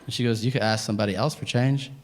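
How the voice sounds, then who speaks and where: Rapid-fire and fairly even in intonation, a stand-up comedian with a mid-range voice tells profane stories on a comedy stage before a live audience. He acts out every back-and-forth in the characters' voices.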